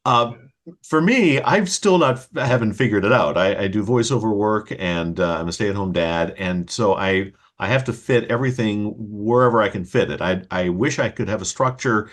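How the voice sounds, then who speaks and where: A man's voice: lowish voice, normal speed. A man hosting a casual conversation, explaining patiently and giving spoken examples. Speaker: host and children's author.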